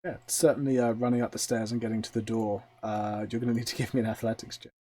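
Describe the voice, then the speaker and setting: A man narrating as game master of a tabletop role-playing game, describing scenes in a relaxed storytelling way with fillers. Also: medium pitch, quick pace.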